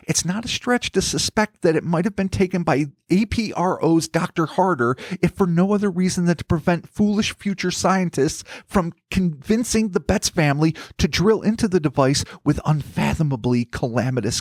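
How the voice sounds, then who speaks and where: A man narrates a scripted mystery tale in a raised, slightly high voice, with a wry, theatrical turn of phrase. He is close to the microphone, and the sound is dry and dead. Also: dry recording. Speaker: podcast host.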